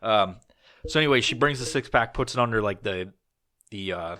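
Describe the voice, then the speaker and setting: A man's voice: on the low side, normal speed, sharp tone. A man hosting a podcast, telling a rambling, profanity-laced story in a loose, casual way with plenty of fillers. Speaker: podcast host.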